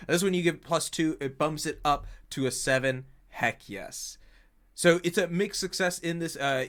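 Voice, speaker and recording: A man runs a tabletop game session, narrating scenes in an energetic, rambling way packed with fillers. His voice is bright and forceful, at a middle pitch. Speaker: game master. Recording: online stream.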